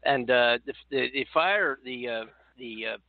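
A man calling into a talk show, speaking haltingly and searching for words. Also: mid-range voice, no echo. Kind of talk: casual chat. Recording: dry, tinny phone line.

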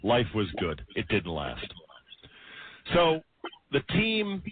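A man's voice: mid-range voice, wildly swooping pitch, takes it slowly, husky, dry recording. Man on sports radio, dramatic storyteller. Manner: dramatic storytelling, mimicking family members. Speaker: radio host. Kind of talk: sports talk radio monologue. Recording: tinny radio broadcast with faint hiss.

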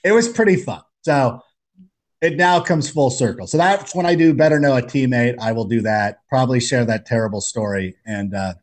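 A man chatting as a podcast guest, telling jokey stories in an animated way. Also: mid-range voice, moderate pace. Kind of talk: casual storytelling chat.

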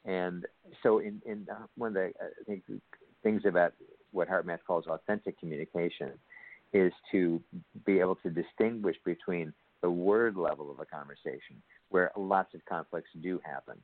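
Deep-voiced man on a phone-like line. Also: moderate pace, no echo. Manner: animated, acts out quoted dialogue. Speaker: guest. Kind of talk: conversational interview.

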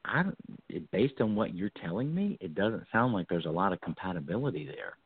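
Low-voiced man hosting a call-in show. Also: brisk, slightly rough, dry recording. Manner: reassuring, coaching, lively. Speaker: psychic radio host. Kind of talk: call-in reading, casual advice. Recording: tinny phone-like line, dry.

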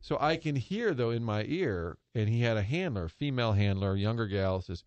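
A man's voice: mid-range voice, animated, normal speed, a little mellow, dry recording, lo-fi sound. A man hosting a sports talk radio show, telling a long anecdote in a chatty way and laughing at his own story. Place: radio studio.

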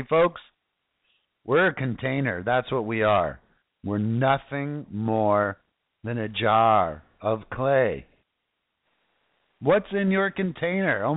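A man's voice: mid-range voice, no room sound, phone-quality sound. A man preaching casually, reading scripture aloud and fervently calling out to his listeners. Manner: fervent, exclamatory, addresses listeners directly.

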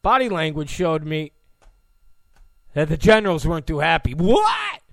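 A man's voice: a little high, wildly swooping pitch, normal speed, vocal fry, a bit bright, dry recording, clean studio sound. A male political commentator giving an opinion monologue in a mocking way, often acting out the people he quotes. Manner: mocking, acts out quoted people in put-on voices.

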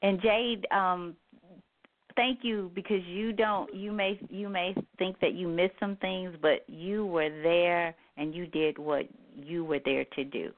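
Gravelly low-voiced woman host. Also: steady tone, takes it slowly. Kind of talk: casual interview chat. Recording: tinny phone-line sound.

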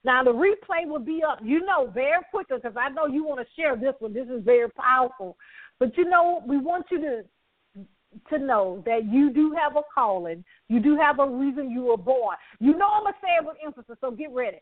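A woman's voice: high-pitched, lively intonation, fairly quick, dry recording. A woman hosting a talk broadcast, effusive and repetitive, with preacher-like emphasis and frequent laughter. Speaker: talk show host. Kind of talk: enthusiastic broadcast outro. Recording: thin phone-like line.

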